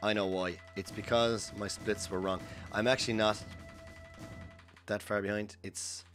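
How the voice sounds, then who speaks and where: Low-voiced man narrating his speedrun. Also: fairly even intonation, measured pace, a bit bright, soft background music. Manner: chatty, explains each step while playing; chats with viewers between instructions. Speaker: speedrunner streaming to chat. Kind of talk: live gameplay commentary.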